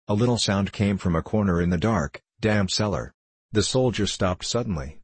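A man narrating a storybook in a steady, solemn reading manner. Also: deep voice, breathy edge, no room sound.

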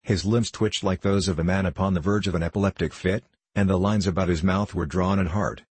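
A man reading a story aloud in a measured, even narration with a husky voice. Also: low-pitched, dry recording. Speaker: audiobook narrator. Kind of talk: scripted narration.

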